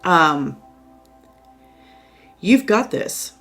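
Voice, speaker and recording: A woman's voice: fairly low pitch, expressive, drawn-out words, fairly bright tone, faint music behind. A woman giving a casual tarot reading at home, chatty and reassuring, with lots of fillers. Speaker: tarot reader. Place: indoors at home by a window.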